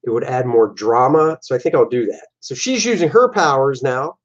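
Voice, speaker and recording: A man casually walks through his own comic pages, animated and chatty, often slipping into voices for his characters. The recording sounds dull and lo-fi. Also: mid-range voice, moderate pace. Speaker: comic artist and show host.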